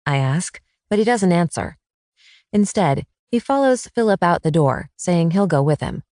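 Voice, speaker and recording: A woman narrating a first-person romance audiobook in a teasing, lively read. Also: deep voice, normal speed, no echo, clean studio sound.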